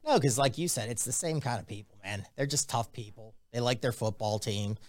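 A man hosting a casual sports betting podcast, telling jokey stories in an animated way. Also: mid-range voice, a little fast, dry recording. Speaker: podcast host.

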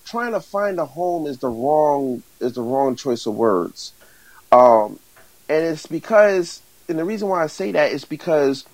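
A man who owns a music management company, answering interview questions haltingly before building into an enthusiastic pitch for his artist. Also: no room sound, low-quality recording. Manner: halting, many fillers and restarts, then builds to enthusiastic pitching.

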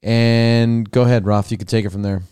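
Easygoing host with a very clear voice. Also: male voice, mid-range voice, flat delivery, brisk, warm tone, dry recording. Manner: easygoing, sets up his guest's story. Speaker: podcast host. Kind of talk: casual chat.

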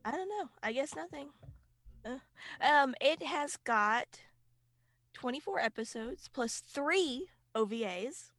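Woman co-host, slightly high voice, dry close mic; laid-back, laughs easily, swears casually. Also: lively intonation, slow pace, fairly bright tone, no room sound. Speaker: podcast co-host. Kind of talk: casual chat.

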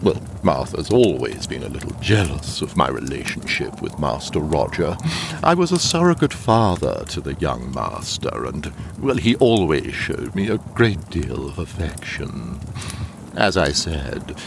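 An actor playing an old, loyal butler who is defensive and indignant in a radio drama. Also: male voice, extremely low pitch, big pitch swings, measured pace, creaky, background noise, exaggerated voice. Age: older. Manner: prim, indignant, flustered.

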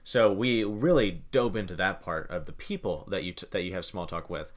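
A young man co-hosting a casual talk show, rambling and repeating words as he thinks out loud. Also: sits low, moderate pace. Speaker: podcast co-host. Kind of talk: casual chat.

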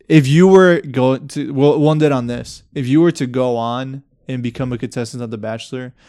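A man's voice: medium pitch, dark tone, clear, resonant tone. A young man hosting a podcast, animatedly retelling a story, swearing freely and acting out quotes. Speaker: podcast host. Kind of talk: casual chat.

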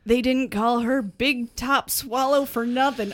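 A woman's voice: sits high, animated, takes it slowly, hardly any pauses, a crowd in the background. A woman co-hosting a comedy show and giving a hammy, melodramatic reading. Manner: hammy and melodramatic, breaks into laughter. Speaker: podcast co-host reading fan fiction aloud.

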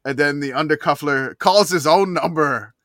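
A man's voice: fairly high pitch, normal speed, a bit bright, dry recording, studio quality. A man co-hosting a casual sports podcast, rambling with many restarts. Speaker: podcast co-host.

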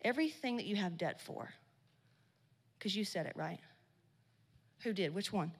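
A woman's voice: medium pitch, lively intonation, moderate pace, breathy edge. Blunt, swearing woman in an echoing hall. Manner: blunt, swearing, slangy and loud in bursts. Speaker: speaker at a women's business event. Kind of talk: profane motivational talk to a live audience. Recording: long hall reverb.

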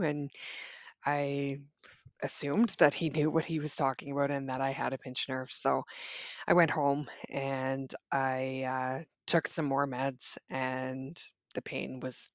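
A woman, a guest, tells her own story in a halting way, with many restarts and fillers. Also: a bass voice, fairly even intonation, no room sound. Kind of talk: personal storytelling.

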